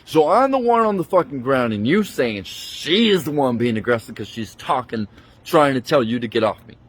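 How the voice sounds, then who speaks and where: A man's voice: medium pitch, animated, normal speed, slightly rough. A man angrily retelling a bad experience in a profane, indignant rant, talking into a handheld phone he keeps switching between hands. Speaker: vlogger. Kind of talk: angry storytime rant.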